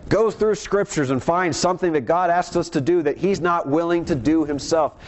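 Guy giving a sermon, reads bible verses out, earnest, a bit higher voice, slows down to hit points. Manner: reads scripture verses aloud, earnest and explanatory; slows for emphasis, varied pitch. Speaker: preacher.

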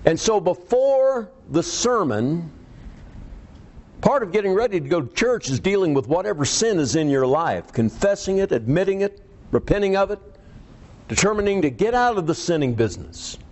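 Lively-pitched male preacher. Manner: preaching with emphatic pauses, rising to high pitch for stress; reads scripture aloud. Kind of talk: sermon.

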